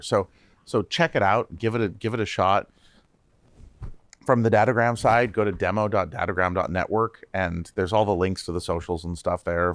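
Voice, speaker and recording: A man, a tech company CEO, guesting on a casual podcast, energetic and repeating his words as he speaks straight to listeners. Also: low-pitched, creaky, no room sound.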